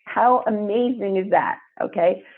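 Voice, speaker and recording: A woman who is a podcast guest, telling a story in an animated, emphatic way. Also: mid-range voice, measured pace. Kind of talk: storytelling interview. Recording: phone-like narrow sound.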